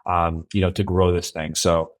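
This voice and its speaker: A man speaking as a podcast guest in a relaxed, rambling way, with frequent restarts and fillers. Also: low voice, moderate pace. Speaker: podcast guest, brand creative officer. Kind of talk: casual interview chat.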